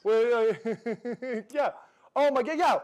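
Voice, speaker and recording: A young man, a guest on a casual sports chat on a patio, excitable, stammering and saying "yeah" over and over. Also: very high voice, slow, muffled recording. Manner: excitable, repeats "yeah" a lot, stammering restarts. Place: outdoor patio.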